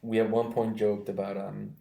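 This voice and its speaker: A man's voice: on the low side, level tone, normal speed, vocal fry, mellow, roomy sound, low-quality recording. A young man from Mexico with an American accent, chatting casually as host, rambling with many fillers and restarts. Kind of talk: casual chat.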